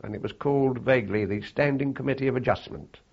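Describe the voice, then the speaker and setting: Old guy remembering the war, kinda husky, stops and restarts a lot, muffled old tape sound. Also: medium pitch, a little mellow. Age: older. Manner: halting, reflective, with many fillers and restarts. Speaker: interviewee. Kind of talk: oral history recollection.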